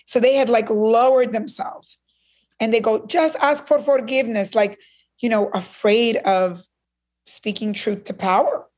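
A middle-aged woman from Cuba, a guest in an interview, telling a personal story in an animated way and acting out what others said. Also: a little high, unhurried.

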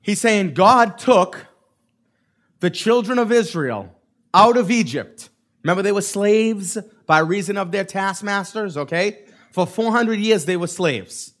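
A man with a notably high voice, preaching to his congregation with lively energy. He slips into the voices of the people in his story and keeps asking okay and right. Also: unhurried. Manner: animated, acts out quoted voices of the crowd. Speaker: pastor. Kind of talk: sermon.

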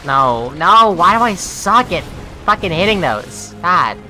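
A woman's voice: lowish voice, sing-song, a little slow. A woman streamer swearing and commenting on her own play, talking to viewers and shrieking when she dies. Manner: profane, exasperated, talks to viewers; shouts and shrieks when dying. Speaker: streamer playing a video game. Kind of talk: gaming commentary. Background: game music.

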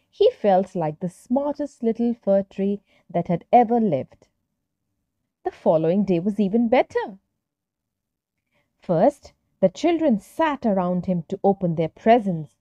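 Slow, mellow woman telling a children's story. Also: mid-range voice, no room sound, muffled recording. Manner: gentle, expressive storytelling. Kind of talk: scripted narration of a children's story.

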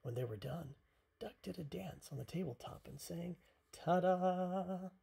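A parent reading a picture book aloud at bedtime, softly and half-whispered. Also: mid-range voice, expressive, vocal fry, husky. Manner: soft, half-whispered, unhurried.

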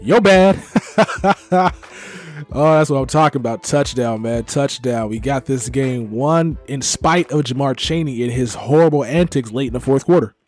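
A young gaming YouTuber from Texas commentating his own football video game match, sliding between low muttering and frustrated outbursts. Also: moderate pace, hardly any pauses, soft background music. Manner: swings from muttering to frustrated yelling. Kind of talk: live gameplay commentary.

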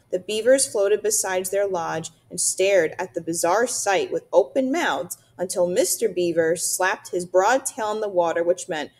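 A woman reading a children's novel aloud, narrating steadily and clearly. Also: fairly low pitch, a little mellow. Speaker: reader.

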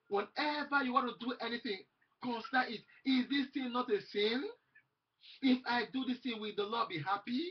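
Man preaching, fervent sermon, husky voice, dull lo-fi sound. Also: extremely high pitch. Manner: fervent preaching, repeats phrases, reads and quotes scripture.

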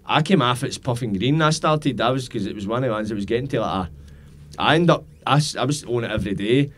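A Scottish man hosting a podcast chat at a very fast pace. He talks in a matey, sweary way, full of local slang. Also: medium pitch, a little hiss or hum.

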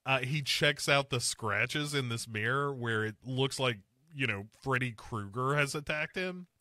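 A man's voice: medium pitch, measured pace, pushed and bright, dry recording, clean studio sound. A man hosting a podcast, recapping a film scene by scene in casual chat and slipping into mocking voices for the characters. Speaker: podcast host.

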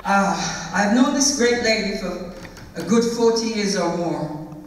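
A woman's voice: medium pitch, a little slow, very noisy. An older woman with a Jamaican accent, tearful and earnest, giving a funeral tribute and reading scripture in a churchly cadence. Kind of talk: heartfelt eulogy with scripture reading. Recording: long reverb of a church hall.

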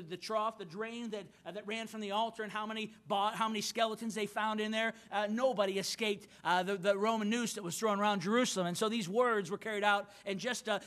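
Man, pastor, sermon, bright sharp voice, earnest, repeats and restarts. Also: sits high. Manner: earnest preaching with frequent repeated words and restarts. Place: church auditorium.

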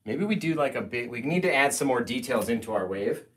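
Lively, soft-spoken male painting instructor. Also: mid-range voice, brisk, a little hiss or hum. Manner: soft-spoken, bursts into playful loud radio voice. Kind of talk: live painting tutorial.

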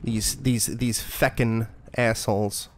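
A man's voice: fairly low pitch, normal speed. A man giving casual gameplay commentary as a streamer, joking, swearing and muttering to himself. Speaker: game streamer.

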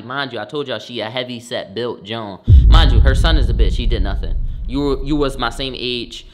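A young man, a streamer, telling a story in a slangy, profane, animated way, getting loud on the punchlines. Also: medium pitch. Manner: swears often, slangy, bursts loud on punchlines.

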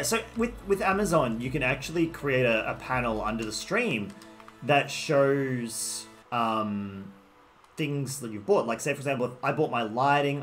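A man's voice: medium pitch, fairly bright tone. A man with an Australian accent, casually streaming a game and rambling while he answers viewers' messages. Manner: rambling, greets and answers chat. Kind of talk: casual live-stream chat. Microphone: desktop microphone. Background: faint background music.

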